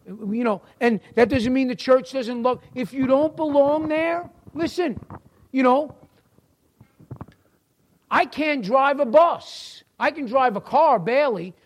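A man's voice: very high voice, takes it slowly. A middle-aged man with a New York accent teaching a church class in a folksy sermon style, talking to listeners by name.

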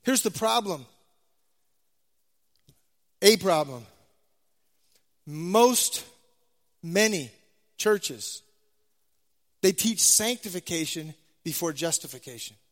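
A man delivers an emphatic sermon, driving points home by repeating key phrases. His voice sits very high for a man, and it swings from loud declarations to hushed low endings. A long reverb trails behind his words, as in a large hall. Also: lively intonation, slow, pauses often. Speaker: preacher.

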